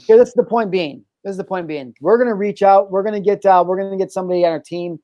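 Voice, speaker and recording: Guy hosting a chill podcast, kinda high voice, jokey fake-serious bits. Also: fast, dark tone, no room sound, muffled recording. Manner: joking, playfully mock-serious. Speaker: host. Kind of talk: casual podcast banter.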